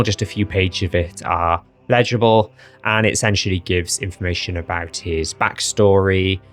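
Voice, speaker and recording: A man with a very low voice, talking casually to his viewers. He is chatty and laughs at silly results, with faint music under his voice. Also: a bit bright. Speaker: dungeon master and video host. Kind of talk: casual explanation to camera.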